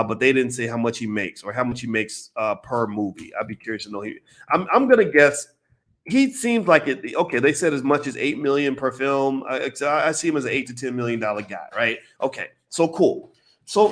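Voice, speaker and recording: An American man giving casual video commentary, animated and emphatic, firing off rhetorical questions and repeating his points. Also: mid-range voice, a little fast.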